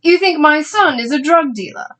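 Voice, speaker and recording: A sharp middle-aged mother speaks in a very high, crisp and icy voice, put on by a man. She stays formal and cutting as she stands up for her son in this storybook reading. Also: animated, normal speed, exaggerated voice. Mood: icy, indignant.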